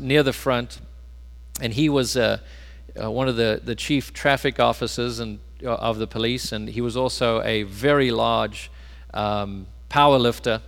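A pastor preaching a sermon, swinging between loud emphasis and quiet, low asides. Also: male voice. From South Africa. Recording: long hall reverb.

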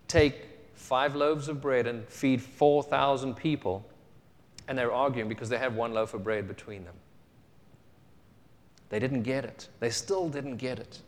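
Man preaching in a reverberant hall. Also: mid-range voice. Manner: storytelling, conversational, with fillers and rhetorical questions. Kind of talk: Bible reading and sermon teaching.

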